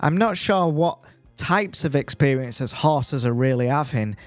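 A man reading a list of facts in a deliberately dry, deadpan voice with wry asides. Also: medium pitch, dry recording, faint music behind. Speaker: podcast segment contributor.

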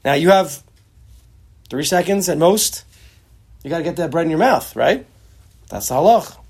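A man teaching a Torah class in a husky voice that sits a little high. He talks with lively expression, often acting out the lines he quotes. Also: normal speed. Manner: expressive, acts out quotes, mixes Hebrew terms. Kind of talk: class on a text.

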